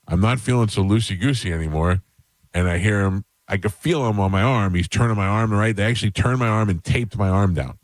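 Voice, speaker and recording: A radio host telling a long, self-mocking story in a casual, rambling way, with restarts, into a close studio mic. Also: male voice, sits low, dry recording.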